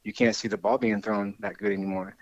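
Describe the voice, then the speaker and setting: A man's voice: fairly low pitch, little pitch movement, fast, no room sound, dull audio. A man, chatting casually as an interview guest, friendly and rambling with restarts. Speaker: guest, scholarship winner.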